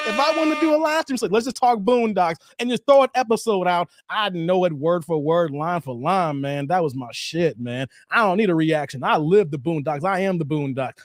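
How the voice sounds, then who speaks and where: On a casual YouTube live stream, a man in his 40s with a voice that sits high chats with viewers and reads their comments. He laughs frequently and bounces "hey, man" around in playful back-and-forth, and the audio is studio quality with no room sound.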